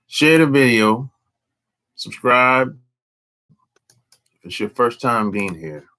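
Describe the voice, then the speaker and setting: A man's voice: mid-range voice, gravelly. A man hosting a casual live stream, talking in slangy, drawling speech with lots of repetition. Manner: slangy, drawling, animated, repeats himself.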